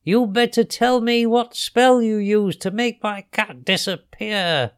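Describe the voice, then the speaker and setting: A man voicing a shrill, angry old witch. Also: slow, smooth. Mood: menacing.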